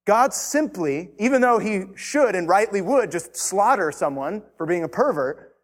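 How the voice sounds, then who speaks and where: A man preaching a sermon as pastor, emphatic and building in intensity, repeating key lines for effect. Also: a little high. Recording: long hall reverb.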